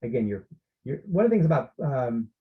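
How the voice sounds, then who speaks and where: A man's voice: medium pitch, very animated, fairly quick, slightly rough, phone-quality sound. A man presenting an online parenting workshop, explaining steps and often checking in with his listeners.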